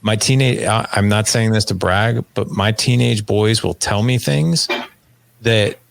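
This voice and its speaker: A man in his forties talks as a guest on a podcast, with a low voice and plenty of vocal fry. He tells stories with energy and slips into the voices of the people in them. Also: unhurried. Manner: animated storyteller acting out dialogue. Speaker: podcast guest, fatherhood coach. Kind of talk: casual interview conversation.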